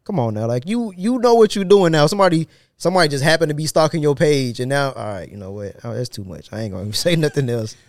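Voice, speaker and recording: A man's voice: a little high, animated, fast talker, few pauses, darkish tone, no echo, clean studio sound. Blunt, joking man on a podcast. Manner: joking, blunt, breaks into laughter. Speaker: podcast co-host. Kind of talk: casual podcast chat.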